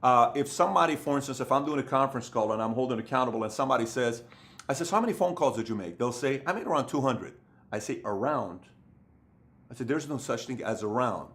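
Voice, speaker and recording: A man's voice: mid-range voice, lively intonation, racing, a bit bright. A man in his thirties giving a motivational business talk, emphatic and repeating key phrases for stress. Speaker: business coach.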